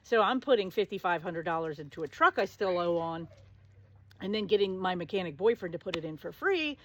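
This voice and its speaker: A woman's voice: on the low side, expressive, brisk. A middle-aged woman hosting her own show, telling a personal story in a casual, sassy and sarcastic way. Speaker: show host.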